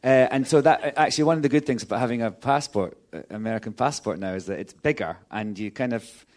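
A man's voice: mid-range voice, fast, a little mellow. A male actor, a guest on the show, chatting casually in a cinema screening room, laughing often and rambling through his answers with many restarts. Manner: giggly, playful, rambling with restarts. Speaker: actor guest, festival jury member. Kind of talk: casual chat.

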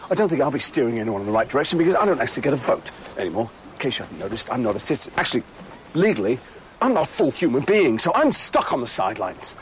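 An actor playing a bitter, sardonic psychotherapist. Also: male voice, mid-range voice, big pitch swings, rapid-fire, slight background noise, natural voice. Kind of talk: film dialogue.

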